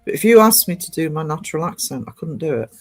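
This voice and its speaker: A woman's voice: deep voice, big pitch swings, fast. A woman from northeast England chatting on a casual livestream, reading out viewer comments and rambling with lots of ums and restarts. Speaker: live streamer.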